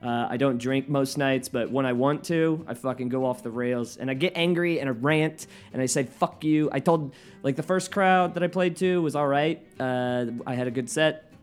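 A man hosting his own podcast from his living room, rambling and swearing, often flaring into yelling. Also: medium pitch, normal speed, clean tone, soft background music. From United States. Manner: profane, rambling, flares into yelling. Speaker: podcast host and stand-up comedian. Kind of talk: solo podcast rant.

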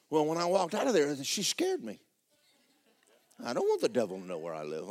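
A middle-aged male pastor, preaching a sermon in a folksy storytelling way that climbs into shouts. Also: fairly high pitch, wildly swooping pitch, brisk.

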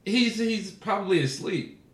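A man's voice: high-pitched, lively intonation, unhurried, crowd noise. Laughing, swearing man in a roomy space. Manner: profane, laughs often through his stories. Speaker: podcast co-host. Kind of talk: casual storytelling chat. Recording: roomy echo.

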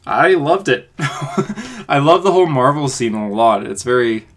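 A man's voice: medium pitch, lively intonation, moderate pace, a bit bright. Laid-back man chatting about comics. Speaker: podcast co-host. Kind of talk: casual comic book review chat.

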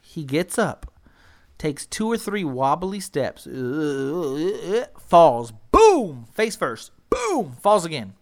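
Animated profane young man telling a story. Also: slow pace. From San Antonio, Texas. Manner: animated, profane, acts out quoted voices in loud high bursts. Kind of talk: casual storytelling chat.

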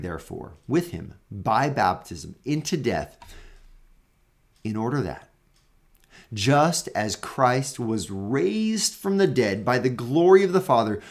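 A man hosting a Bible teaching show, talking casually and earnestly, with frequent fillers and restarts, growing emphatic on key points. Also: medium pitch.

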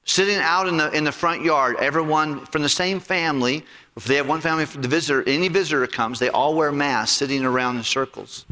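A man preaching a sermon as a pastor, animated, repeating himself and acting out quotes. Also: a little high, a little fast, big-room sound.

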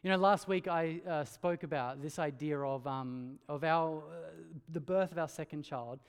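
A man preaching a sermon, earnest and emphatic, dropping low and quiet on key lines. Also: normal speed, clear, resonant tone. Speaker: pastor. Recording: hall reverb.

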